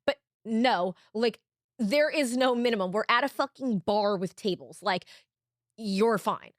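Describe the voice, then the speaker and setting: A young woman co-hosting a podcast, telling a story in a casual, animated way, swearing a lot and saying "like" often. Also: a little high, unhurried, no echo, studio quality. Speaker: podcast co-host.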